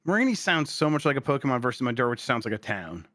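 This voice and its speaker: A man with a bright, lively voice plays along with a podcast quiz, joking as he answers. His voice is close and dry. He is loose and playful throughout. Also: medium pitch, very fast, dry recording. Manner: playful, jokey. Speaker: podcast co-host. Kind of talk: casual podcast banter.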